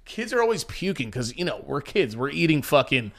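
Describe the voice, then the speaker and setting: A young man co-hosting a podcast, telling stories in an excitable, rambling way with heavy swearing. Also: on the high side, a little fast, vocal fry. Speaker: podcast co-host. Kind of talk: casual chat.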